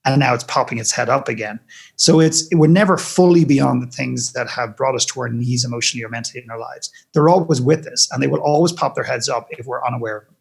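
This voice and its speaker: A man's voice: mid-range voice, fast, creaky, husky. A man speaking as a podcast guest, telling stories with passion and emphasis. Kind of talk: podcast interview storytelling.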